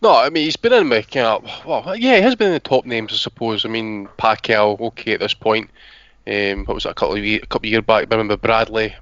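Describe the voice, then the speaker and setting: A man on a podcast panel chatting in a quick, offhand way. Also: lowish voice, a bit bright, no echo, muffled recording. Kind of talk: casual podcast banter.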